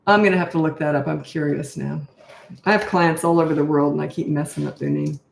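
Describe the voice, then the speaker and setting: A woman's voice: low-pitched, fairly even intonation, quick pace, vocal fry, reverberant, slight background noise. An older woman, a parenting coach, answering viewer questions in a frank, chatty live Q&A and thinking aloud as she goes.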